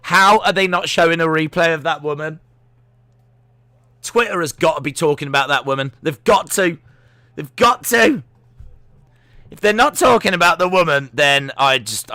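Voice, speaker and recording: A man hosting a live football watch-along, reading out viewer comments and reacting with loud excitement to the play. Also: a little high, normal speed, clear, resonant tone, no room sound. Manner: reads viewer comments, excitable shouting at goals.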